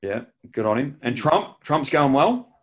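A man's voice: medium pitch, very animated, unhurried. An Australian man co-hosting a podcast, chatting casually and teasing his friend. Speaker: podcast co-host. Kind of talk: casual chat.

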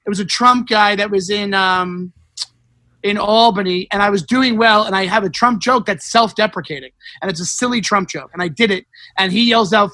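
A stand-up comedian chatting casually, his voice high and bright. He tells stories from stage in an animated way, swearing freely and acting out each line of dialogue. The sound is dry and close, with no room around it. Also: a little fast, no echo. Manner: animated storytelling, swears freely, acts out quotes. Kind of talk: casual chat.

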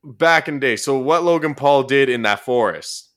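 A man with a medium-pitched voice speaks at normal speed, hosting a podcast in a loose, casual way. This podcast host and commentary YouTuber tells stories animatedly, swearing plenty and breaking into sudden bursts of emphasis.

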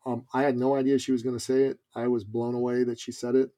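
A man who coaches businesspeople, telling a story as a guest on a conversational interview with casual fillers and lively asides. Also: medium pitch, quick pace.

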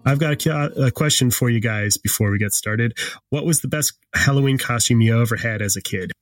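A man's voice: medium pitch, brisk, no room sound, faint music behind. A man leading a podcast conversation in an easy, rambling way, filling gaps with ums. His voice sounds dry and close to the mic. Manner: relaxed, loose, lots of ums. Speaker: podcast host. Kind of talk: casual chat.

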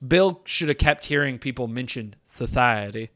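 A man with a slightly high voice, rambling through a casual podcast chat with lots of animation and frequent laughter. The sound is dry and close, with no room around it. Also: lively intonation, normal speed, no echo. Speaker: podcast host.

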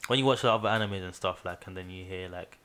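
A man's voice: low-pitched, fast talker, a bit bright, clean tone. A man chatting casually, rambling with many fillers and acting out characters' lines. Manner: rambling, full of "like" and "um", acts out quotes. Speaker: podcast co-host. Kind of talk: casual chat recapping an anime.

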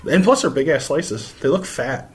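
A man's voice: a little high, lively intonation, normal speed, darkish tone, a little hiss or hum. An American man co-hosting a casual gossip podcast with his wife, rambling, swearing freely and laughing often. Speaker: podcast co-host. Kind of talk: casual chat.

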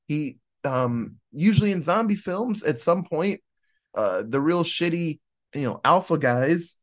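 A man's voice: fairly high pitch, lively intonation, unhurried. Rambling, swearing male podcast host. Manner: rambling, laughs often, swears. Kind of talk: casual movie review chat.

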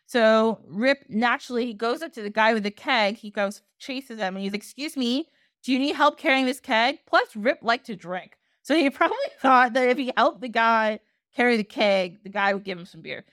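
A woman podcast host casually retelling a folktale, chatty and animated, slipping into little voices for the characters. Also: a little high, no echo, clean studio sound. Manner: chatty, animated, acts out characters with quick asides. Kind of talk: casual storytelling.

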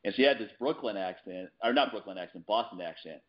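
A man hosting a casual conversation in a rapid voice that sits on the low side. He talks fast and often restarts his sentences mid-thought. The audio is dull and lo-fi.

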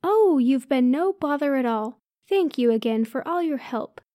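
A woman's voice: on the high side, takes it slowly, darkish tone, no room sound, clean studio sound. A woman voicing an older female antique shop owner who turns from sweet to barking. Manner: sweet one moment, barking the next.

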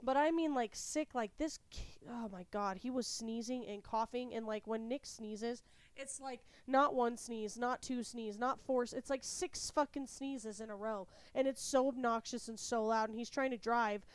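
A young woman from California hosts a podcast while a little sick, retelling a story casually, candidly and with animation while swearing freely. Her voice is smooth and a little high, at normal speed, with no room sound.

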